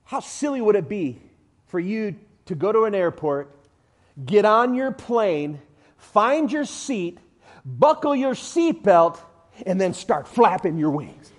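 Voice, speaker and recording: A man preaching a sermon with emphatic delivery, swinging from loud declarations to hushed lines, with everyday illustrations and humor. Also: high voice, big pitch swings, slow pace.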